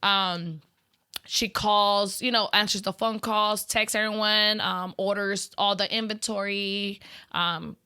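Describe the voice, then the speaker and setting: A woman's voice: medium pitch, steady tone, slow pace, sharp tone, clean tone, no echo, studio quality. A woman business owner chatting in an interview, talkative and laughing often, with lots of "you know" fillers. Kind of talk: casual interview chat.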